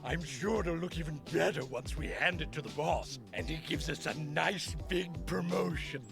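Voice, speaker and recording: A man voicing a smug gangster-style henchman in an animated series, mocking and sly. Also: a little high, moderate pace, creaky, over music.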